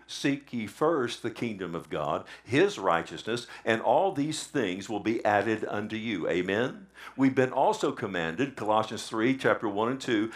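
Preaching man calling out amen. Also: mid-range voice. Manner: preaching with frequent "amen?" call-outs. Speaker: pastor. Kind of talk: sermon. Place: church service.

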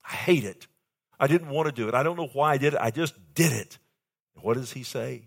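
A man preaching a sermon with emphasis, swinging between quiet passages and loud outbursts and asking the congregation for a response. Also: medium pitch, a little fast, creaky.

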